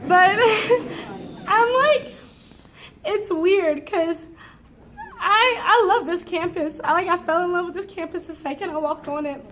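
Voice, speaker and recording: A woman's voice: very high-pitched, measured pace, fairly bright tone, a little hiss or hum. An eighteen-year-old woman, a college freshman, speaking at a campus forum, close to tears and hesitant, with nervous laughter.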